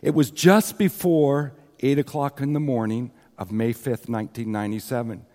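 A man's voice: mid-range voice, fairly even intonation, moderate pace, mellow. A man preaching a sermon, earnestly retelling a story with quoted scripture and asides to the congregation. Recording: long hall reverb.

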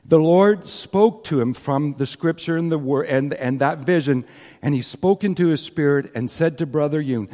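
In a hall with long reverb, a man preaches a sermon, earnestly retelling a story with quoted scripture and asides to the congregation. His voice is a little high and mellow, at a moderate pace.

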